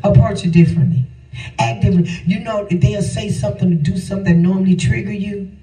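A man's voice: high voice, fairly even intonation, fairly quick, warm tone, recorded from a distance. A man preaching a sermon, repeating his lines for emphasis and calling out to the congregation. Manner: call-and-response preaching, repeats phrases for emphasis. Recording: echoey room, voice from off-mic.

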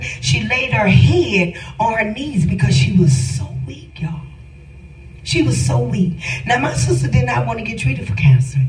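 With a darkish tone at mid-range pitch, a middle-aged woman tells her own testimony, full of feeling and emphasis, addressing the listeners head-on. The recording sounds roomy, as from a distant mic, with faint music underneath.

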